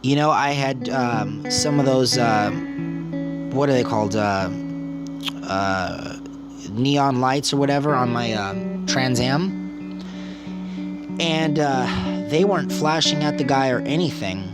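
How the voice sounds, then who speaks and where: Man around thirty, vlogger, rambling casual storytelling, mid-pitched voice. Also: takes it slowly, pauses often, over loud music. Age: 30s. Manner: rambling, repetitive retelling.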